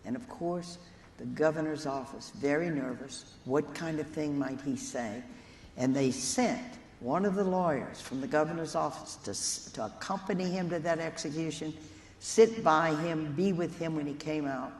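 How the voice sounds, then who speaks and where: A nun speaks at a normal pace in a low, darkish voice, telling stories earnestly in a conference keynote aimed directly at lawyers. The hall echoes, and faint room noise can be heard.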